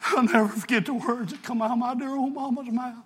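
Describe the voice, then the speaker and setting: A preacher man with a very high, bright, ringing voice, preaching with fervent emotion and often breaking into shouts. His delivery is heartfelt and insistent, full of the passion of a revival pulpit. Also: fairly even intonation, quick pace, husky. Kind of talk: sermon.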